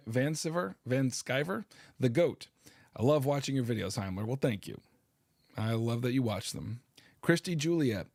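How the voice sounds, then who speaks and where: Man, history teacher, casual livestream host reading chat, dry close mic, middle pitch. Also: no room sound. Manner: casual, playful, reads names aloud. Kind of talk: livestream reading viewer comments.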